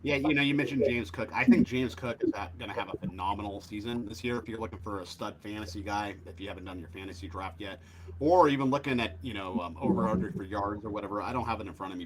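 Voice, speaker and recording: Guy hosting a betting show, kinda low voice, lots of um and you know, faint hiss behind. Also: quick pace. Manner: animated, lots of fillers. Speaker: sports betting show host. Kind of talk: casual betting talk.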